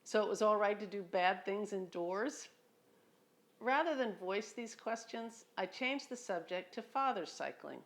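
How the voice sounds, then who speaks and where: A woman's voice: mid-range voice, animated, a little slow. A woman reading her own memoir aloud at home, in a reflective, conversational way with a dry humor. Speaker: memoir narrator. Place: home near a beach.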